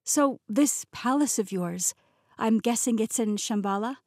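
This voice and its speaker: A woman's voice: a little high, unhurried, a little mellow, no echo, clean studio sound. A woman voicing a young heroine in an audiobook, asking curious, disbelieving questions. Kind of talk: audiobook character voice.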